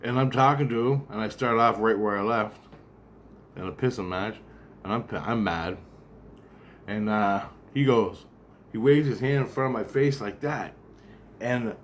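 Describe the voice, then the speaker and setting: A man's voice: medium pitch, slight background noise. A man talking straight to the camera in a rambling, profane monologue that keeps doubling back and repeating itself. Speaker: vlogger.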